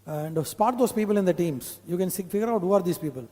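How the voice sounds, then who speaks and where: A man's voice: sits high, animated, fast, warm tone. Indian male trainer in a reverberant hall. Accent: Indian English. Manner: conversational, repeats points, quizzes audience with "huh?". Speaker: corporate trainer. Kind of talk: live training session.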